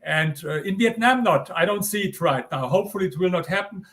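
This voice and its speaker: A man's voice: high voice, expressive, brisk, a bit bright. An older man with a German accent, a guest author giving earnest, insistent interview answers and repeating his points.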